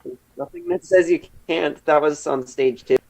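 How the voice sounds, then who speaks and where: A man's voice: fairly high pitch, normal speed, gravelly, darkish tone, low-quality recording. A man casually playing a cooperative card game with a friend, easygoing and a little hesitant.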